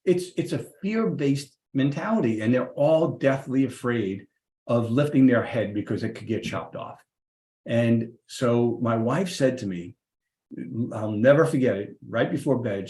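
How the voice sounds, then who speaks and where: Lively middle-aged man in a roomy space. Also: mid-range voice, measured pace. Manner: lively, acts out the people in his stories. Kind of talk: casual anecdotal storytelling. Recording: roomy echoey room.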